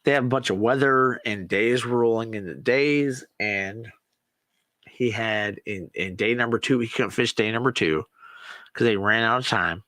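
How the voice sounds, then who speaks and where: A man hosting a podcast, chatting casually and excitably about sports and swearing now and then. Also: medium pitch, moderate pace, dry recording. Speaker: podcast host. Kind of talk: casual solo chat.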